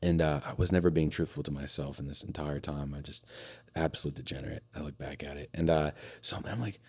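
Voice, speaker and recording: Deep-voiced man telling a candid story. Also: fairly even intonation, fast, a little mellow, slightly rough. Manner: candid, profane, tells his story with many fillers and restarts. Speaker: podcast guest. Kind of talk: casual storytelling in a conversation.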